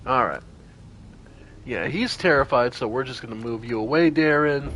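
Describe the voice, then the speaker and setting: Over a faint hiss or hum, this man talks at a moderate pace in a medium pitch. It's laid-back gameplay commentary from a strategy RPG stream, where he voices every party turn and reacts with lively exclamations.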